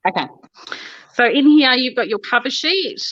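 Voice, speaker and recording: A woman's voice: high voice, lively intonation, normal speed, fairly bright tone. An Australian woman co-hosting a craft livestream, chatty and good-humoured, talking through each step of her demonstration. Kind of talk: casual livestream chat and demonstration. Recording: dull, lo-fi call audio, dry.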